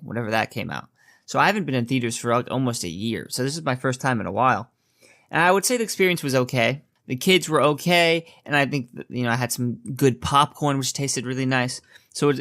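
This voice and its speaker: A man giving a casual spoken movie review in a relaxed, chatty way, with frequent filler words. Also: medium pitch, dry recording, studio quality.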